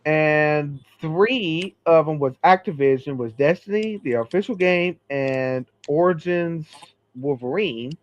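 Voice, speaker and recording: A man hosting a casual chat who reads through a list of games, slowly and with many fillers. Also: on the high side, highs cut off. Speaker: podcast host.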